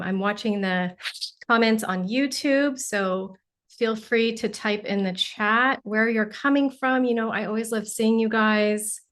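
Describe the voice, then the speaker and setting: A woman's voice: mid-range voice, fairly bright tone. A woman hosting a casual livestream, effusively greeting viewers as they join, a little sniffly from allergies. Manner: bubbly, effusive, exclaims often. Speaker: livestream host and spiritual teacher.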